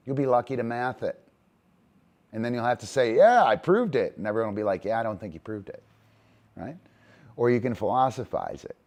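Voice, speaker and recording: A middle-aged host with a mellow, mid-range voice delivers a casual monologue about dog training. He's rambling and emphatic, casually swearing and ending his points with "right?"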